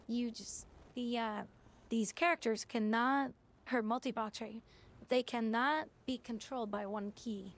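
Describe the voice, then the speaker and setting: A woman's voice: fairly high pitch, fairly even intonation, a little slow. A woman game streamer in casual chat, spinning stories in a chatty way while she plays. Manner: chatty storytelling with restarts.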